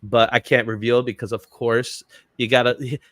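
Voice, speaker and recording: Hosting a relaxed livestream, this man speaks at a moderate pace in a mid-range, fairly bright voice with little pitch movement. He's upbeat and talkative, laughs a lot, calls out chat viewers by name, and uses fillers like "you know what I'm saying," all in clean studio sound with no room tone.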